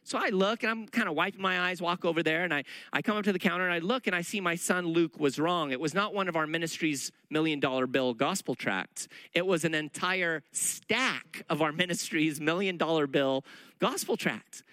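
Brief middle-aged man preaching, high bright voice, lively storyteller who acts out the dialogue, dry close sound. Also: brisk, no echo, poor audio. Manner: animated, acts out dialogue in his stories. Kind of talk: sermon storytelling.

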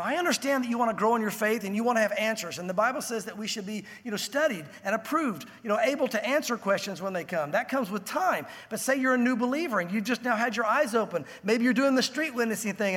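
A pastor delivers a sermon in a strikingly high-pitched male voice, telling the story with animation and acting out the voices of the crowd. His words ring out through a long church reverb, the hall trailing each phrase. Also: fairly bright tone.

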